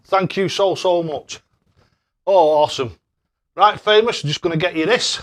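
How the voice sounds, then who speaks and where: A man's voice: sits high, unhurried, slight background noise. A young man hosting a live stream, chatting casually and thanking viewers by name. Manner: cheery, excitable.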